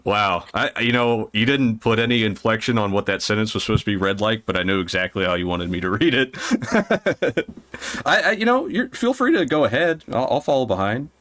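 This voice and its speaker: A man's voice: on the low side, animated, moderate pace, a bit bright, no room sound. A man hosting a podcast in casual chat, nervous, giggly and self-deprecating. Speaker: podcast host.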